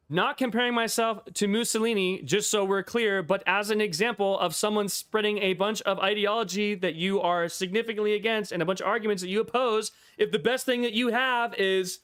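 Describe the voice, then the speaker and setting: Male streamer, somewhat high voice, rambling profane chatter, dry close-mic sound. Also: normal speed, fairly bright tone, no room sound. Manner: profane, rambling, laughs often. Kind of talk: casual livestream chat.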